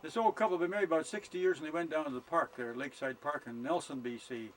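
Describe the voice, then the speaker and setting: A man's voice: a little high, poor audio. An older man telling rambling, folksy jokes outdoors at a summer campsite, filmed on a camcorder held by his wife. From Canada. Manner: rambling, unhurried delivery with frequent uh fillers.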